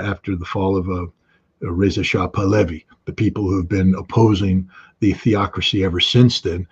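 A man's voice: deep voice, slightly rough, highs cut off. A man giving conversational analytical commentary in an interview, with frequent ums and restarts.

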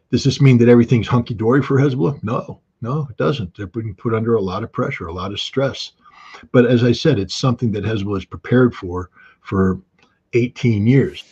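A man's voice: lowish voice, a little mellow, slightly rough, muffled recording. A man giving conversational analytical commentary in an interview, with frequent ums and restarts.

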